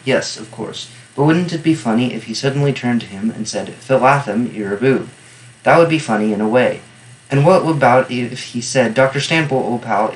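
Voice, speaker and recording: A man at an ordinary middle pitch reads a novel aloud, carrying the first-person narration at an even, unhurried pace. He breaks off now and then for dry, casual remarks on the text before sliding back into the story. A faint hiss sits under his voice. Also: poor audio. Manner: steady first-person narration broken by wry, offhand asides. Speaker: reader and annotator. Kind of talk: reading a novel aloud with commentary.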